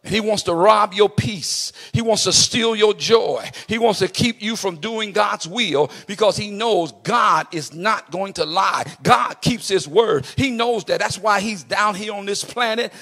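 A male preacher with a high, gravelly voice delivers his sermon with passion, swinging into shouts and a musical, sing-song cadence. His tone is bright and forceful. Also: measured pace, hardly any pauses.

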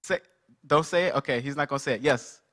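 A man's voice: mid-range voice, quick pace, a bit bright. A man preaching an interactive sermon at a church service, calling out to the congregation and energetically asking them to respond.

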